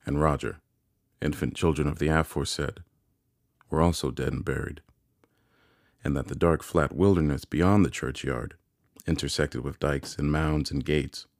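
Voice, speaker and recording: A man narrating a classic novel in a measured, deliberate reading. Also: a bass voice, a little mellow, no echo, studio quality. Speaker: audiobook narrator.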